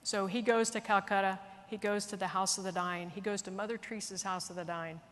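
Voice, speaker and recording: A woman's voice: medium pitch, fairly quick. Woman telling a story in an echoing hall. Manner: earnest, animated storytelling. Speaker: military leader giving a speech. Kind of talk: storytelling speech. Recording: long reverb of a large hall.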